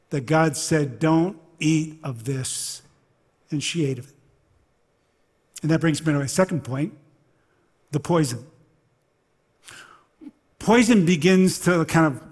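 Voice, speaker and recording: Male pastor, fairly high voice, chatty preaching with restarts, long hall reverb. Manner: conversational, animated storytelling with halting restarts. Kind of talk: sermon.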